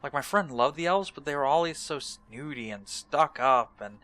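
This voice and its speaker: A man's voice: a little high, expressive, moderate pace, few pauses, bright, forceful tone, dry recording. A young man giving casual, rambling gaming commentary, hesitant and self-deprecating. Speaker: let's play host.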